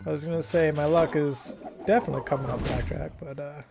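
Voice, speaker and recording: A man's voice: fairly high pitch, fast, vocal fry, noisy background. Jokey man commenting on gameplay. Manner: jokey, animated, mock-British asides. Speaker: let's play host.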